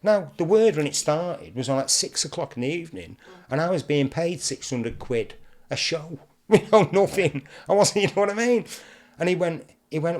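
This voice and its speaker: An older man with a strong Mancunian accent, chatting loosely in an interview. He tells anecdotes with energy and slips into quick impressions of other people as he talks. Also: fairly high pitch. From England. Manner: animated storyteller, mimics others in quotes. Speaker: guest presenter.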